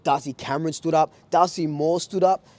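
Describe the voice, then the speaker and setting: A young Australian man reviews a football match for his vlog in a warm, mellow voice. He talks with passion and rambles freely, often restarting a sentence or repeating a phrase as he goes. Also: fairly high pitch, steady tone, brisk. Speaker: football fan channel host.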